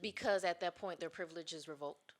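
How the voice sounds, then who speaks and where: A woman's voice: on the low side, brisk. A woman on a casual podcast, telling a workplace story in a blunt, profane way. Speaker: podcast co-host.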